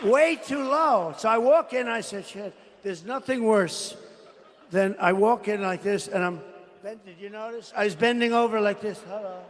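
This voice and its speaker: Gravelly-voiced man griping at a rally. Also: high-pitched, moderate pace, in a large hall, a little hiss or hum. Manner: rambling, indignant, grumbling. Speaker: political candidate at a rally. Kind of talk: rally speech.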